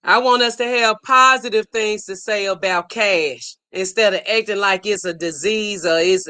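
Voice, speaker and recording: Middle-aged lady reading chat comments on her live, punchy bright voice, keeps repeating herself for emphasis. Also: mid-range voice, moderate pace, hardly any pauses, smooth. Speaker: livestream host. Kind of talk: live stream, reading viewer comments aloud.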